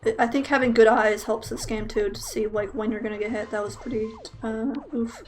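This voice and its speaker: A woman's voice: a little high, fairly even intonation, brisk, a little mellow, soft background music. A young woman casually commentating her own speedrun, rambling with lots of fillers and self-deprecating jokes.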